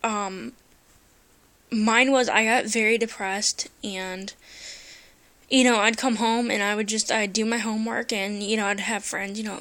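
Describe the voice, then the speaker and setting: A woman's voice: mid-range voice, steady tone, a little slow, pauses often, fairly bright tone. A woman telling a personal story into her phone, earnest and emotional, hesitating with many fillers. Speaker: vlogger.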